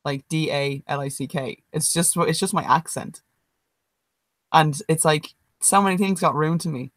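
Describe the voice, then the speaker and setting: A woman's voice: low-pitched, moderate pace, dry recording, low-quality recording. A hungover woman, co-hosting a podcast over a video call and talking bluntly with swearing and laughs. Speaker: podcast co-host. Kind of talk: casual chat.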